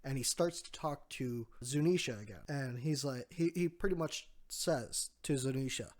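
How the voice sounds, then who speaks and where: A man casually recaps a comic chapter for his podcast, chatty and easygoing with quick laughs. His voice sits at an ordinary middle pitch. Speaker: podcast co-host.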